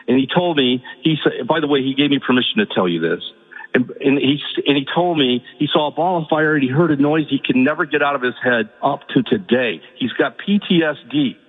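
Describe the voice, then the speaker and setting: A man's voice: mid-range voice, breathy edge. Emotional male radio caller on phone. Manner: emotional, halting storytelling. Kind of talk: call-in radio talk. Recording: phone line with long reverb.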